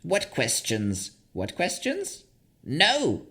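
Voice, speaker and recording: A woman's voice: deep voice, huge pitch swings, very slow, fairly bright tone, pitched above the performer's own voice, exaggerated voice. A male narrator voicing a mad, filthy female hag who pleads and shrieks in erratic, rambling bursts. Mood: ranting. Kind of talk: audiobook character voice.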